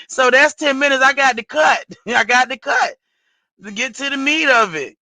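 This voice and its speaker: A woman's voice: high-pitched, fairly even intonation, normal speed, pushed and bright, no room sound, low-quality recording. Blunt, salty middle-aged woman. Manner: blunt, salty, cussing and exasperated. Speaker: livestream host. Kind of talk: casual livestream chat.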